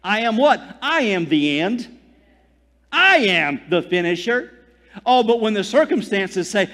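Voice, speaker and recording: High-voiced man preaching in a reverberant church. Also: very animated, a little slow, a bit bright. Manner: fervent preaching, dwells on phrases and calls for amen. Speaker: pastor. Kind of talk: sermon. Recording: long hall reverb.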